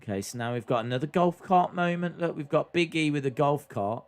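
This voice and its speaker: A man's voice: a little high, fairly quick. A man hosting a live stream, chatting casually as he reacts to a wrestling show and reads viewer comments aloud.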